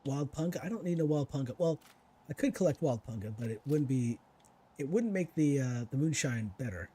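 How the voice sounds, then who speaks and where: A male streamer talks through his game in a loose, chatty way, needling the enemies and musing aloud. His voice is husky and mellow, and his pitch swings widely as he reacts. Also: expressive, a little fast. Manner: chatty, talks to himself and to enemies while playing. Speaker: gaming streamer. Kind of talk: casual let's-play commentary.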